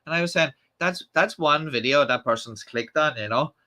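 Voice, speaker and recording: Rambling through a live stream, a young man from Ireland reads viewer comments aloud and chats casually, restarting often and leaning on fillers. He speaks at normal speed in a slightly high voice that sounds pushed and bright.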